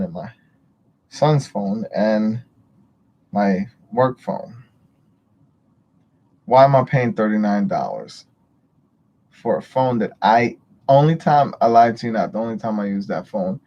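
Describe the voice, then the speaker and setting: A man's voice: fairly low pitch, a little mellow. A man chatting casually on a livestream, greeting viewers and rambling with frequent swearing. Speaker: livestream host.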